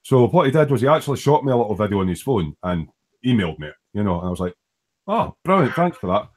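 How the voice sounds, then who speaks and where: A man's voice: fairly low pitch, big pitch swings, fast talker. A Scottish man hosting a casual online model-building chat, talking with lots of fillers and restarts. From Scotland. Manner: hesitant, many fillers and restarts. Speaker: host of a model-building live stream.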